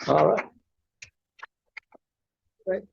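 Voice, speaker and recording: A man's voice: very slow, a little mellow. A man giving short spoken instructions. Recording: dull, lo-fi recording.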